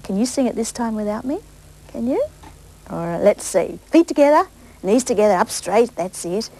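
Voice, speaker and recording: Lively-voiced woman hosting a children's show. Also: mid-range voice, normal speed, a little hiss or hum, rough recording. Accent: Australian. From Australia. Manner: gentle, coaxing questions to children. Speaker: children's TV presenter. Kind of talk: children's show, singing and storytelling. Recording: 1980s TV broadcast with faint music.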